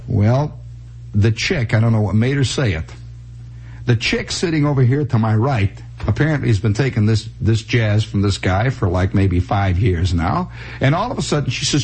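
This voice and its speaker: Brief: man, comic storyteller, lively swooping delivery, husky, old radio tape. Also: lowish voice, moderate pace, poor audio. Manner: animated, breathless storytelling with voiced characters.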